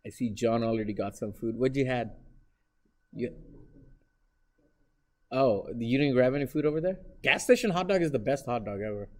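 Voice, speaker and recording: A man's voice: mid-range voice, moderate pace, long pauses. A man teaching math in a classroom, lecturing live and teasing his students with jokes.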